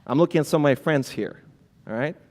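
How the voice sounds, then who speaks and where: A man gives a lively conference talk, calling out to the audience and mimicking nervous founders who stumble over their words. His voice sits a touch higher than most men's. A long reverb trails each phrase, as in a big hall. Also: fast talker. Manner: animated, addresses the audience directly; acts out flustered founders with filler words. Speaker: conference speaker.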